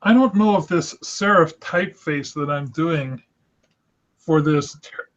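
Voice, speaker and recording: A man's voice: fairly high pitch, fairly bright tone. Chatty man on a lo-fi call. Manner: chatty, rambling, self-deprecating. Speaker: host of an online drawing group. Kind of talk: casual chat while drawing. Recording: lo-fi voice call audio.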